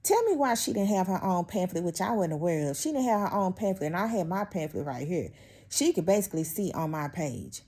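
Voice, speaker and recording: A woman with a lowish, mellow voice tells a storytime from her home. She chats casually and sounds openly exasperated. She keeps turning to her viewers as if they were friends. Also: very animated, fairly quick, slightly rough. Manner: chatty, exasperated, addresses viewers as y'all. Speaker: vlogger telling a workplace story.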